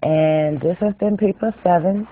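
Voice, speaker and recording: A man's voice: high voice, normal speed, slight background noise. Chatty middle-aged man with a tinny voice. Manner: chatty, rambling, repeats phrases. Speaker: knitting channel host. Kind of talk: casual knitting tutorial. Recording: tinny phone-like dry recording.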